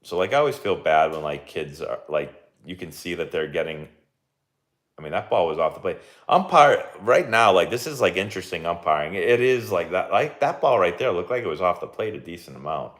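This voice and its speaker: A man's voice: low voice, expressive, fairly quick, fairly bright tone. A young man, a baseball coach hosting a casual live watch-along and chatting with lots of fillers and laughs.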